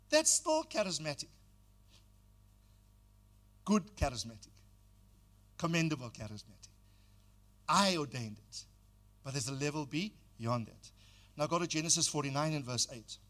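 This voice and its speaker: A man's voice: high voice, a bit bright. An older man preaching a sermon as pastor, exhorting the congregation and calling on them to repeat phrases.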